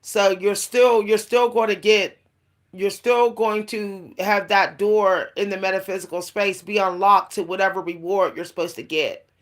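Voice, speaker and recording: A woman's voice: medium pitch, steady tone, normal speed. Woman, casual spiritual vlog talk, mid-range voice, rambling, confiding, fillers and restarts. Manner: laughs now and then while talking; confiding, addresses listeners directly. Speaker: spiritual vlogger.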